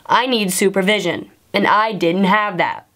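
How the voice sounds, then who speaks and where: A young adult woman telling an animated, sarcastic storytime vlog with lots of swearing. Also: mid-range voice, measured pace. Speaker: vlogger.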